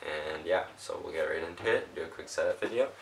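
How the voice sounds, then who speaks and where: A man vlogs casually while bathing his dog at the bathroom tub, coaxing and scolding it and joking in between. His voice is low-pitched, brisk, and gravelly. He is recorded off-mic from a distance in the echoey bathroom, with loud music playing behind.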